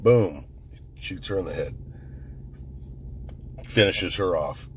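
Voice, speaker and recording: A man's voice: fairly low pitch, animated, measured pace, long pauses, a little mellow, breathy edge. A man recounting an incident in casual, rambling commentary, swearing often and restarting his sentences, recorded on his phone. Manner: rambling, profane, conversational, with frequent restarts. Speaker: firearms commentator.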